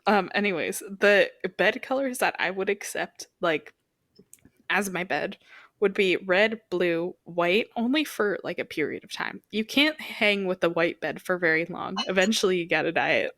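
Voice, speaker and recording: A young woman co-hosting a casual podcast, explaining her points in a relaxed way with lots of fillers and giggles. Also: fairly low pitch, moderate pace, no echo, studio quality. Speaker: podcast co-host. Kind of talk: casual chat.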